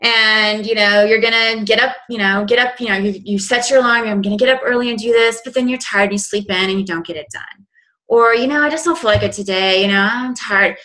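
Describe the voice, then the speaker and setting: A woman's voice: medium pitch, a little fast, bright, forceful tone, rough recording. A woman in her forties giving a motivational business coaching talk, earnest and conversational with lots of "you know". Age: 40s.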